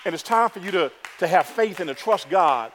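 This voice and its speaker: A man's voice: high-pitched, expressive, fairly quick, a bit bright, long reverb tail, a little hiss or hum. A man preaching a sermon, repeating words for emphasis and calling the congregation "y'all".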